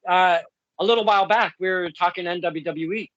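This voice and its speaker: A man's voice: sits high, brisk, a bit bright, dry recording. A man hosting a casual interview podcast, asking hesitant questions full of fillers. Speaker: podcast host. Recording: dull lo-fi podcast audio.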